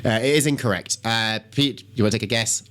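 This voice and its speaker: A man's voice: on the low side, fairly quick, a little hiss or hum. Man hosting a comedy quiz. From Scotland. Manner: rambling, animated storyteller who swears freely. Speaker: quiz host.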